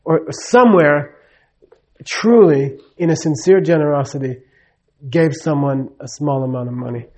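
A man's voice: fairly high pitch, unhurried, darkish tone. A man giving a live teaching talk. He speaks conversationally, checks in with the audience often, and acts out the dialogue in his stories. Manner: tells stories with acted-out dialogue. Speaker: spiritual teacher.

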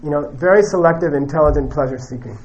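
Man, Buddhist teacher, classroom lecture, jokey, checks in with "okay?", slightly high voice, faint background hum. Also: fast, a little mellow, muffled recording. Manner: joking, laughs often, ends points with "okay?".

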